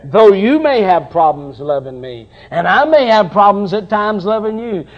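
A middle-aged man preaching a sermon with passion, dropping at times to soft, tender passages. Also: sits high, expressive, normal speed, lo-fi sound.

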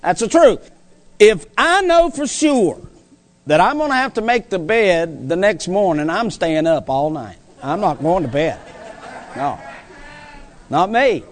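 High, lively-voiced male preacher. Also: measured pace, pauses often, some chatter behind. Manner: emphatic, folksy, repeats phrases for stress. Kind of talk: sermon.

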